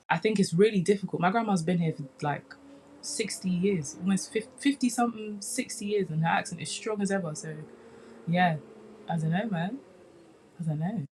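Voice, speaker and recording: A young woman from the UK, a comedian chatting casually in an interview, animated and relaxed, often saying "man". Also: on the low side, slight background noise. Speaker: comedian guest.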